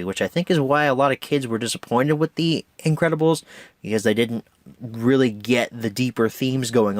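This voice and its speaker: A man chats through a casual movie review, enthusiastic and rambling. His voice sits at a middle pitch, with a dry, close sound. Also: dry recording. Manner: chatty, enthusiastic, with restarts and laughs.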